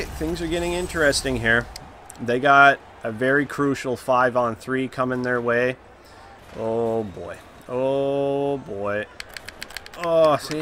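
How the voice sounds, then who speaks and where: A slow-talking man with a bright, slightly high voice reacts out loud to his own gameplay. He groans and exclaims at each play. A faint hum of noise sits under his voice. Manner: excitable, groaning and exclaiming at plays. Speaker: gaming YouTuber. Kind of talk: live gameplay commentary.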